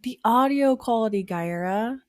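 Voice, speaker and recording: A woman's voice: fairly high pitch, moderate pace, no room sound, studio quality. A woman co-hosting a podcast, chiming in with short amused comments in casual chat. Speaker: podcast co-host.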